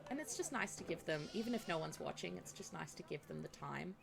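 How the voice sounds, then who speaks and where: Chatty Australian woman streamer, lively pitch, a bit of gravel in it. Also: quick pace, over music. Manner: chatty, giggly, self-mocking. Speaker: game streamer. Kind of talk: casual chat while playing.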